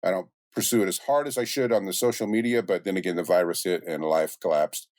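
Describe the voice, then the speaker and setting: A middle-aged man, a voice actor and music producer, telling stories in a relaxed interview with many restarts and asides. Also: deep voice, quick pace, no echo, studio quality. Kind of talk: casual interview chat.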